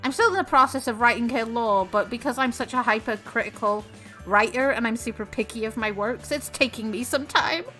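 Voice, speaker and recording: A woman's voice: a little high, fairly quick, bright, forceful tone, soft background music. A woman hosting her stream in a bubbly, chatty way, swearing casually. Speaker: VTuber streamer host.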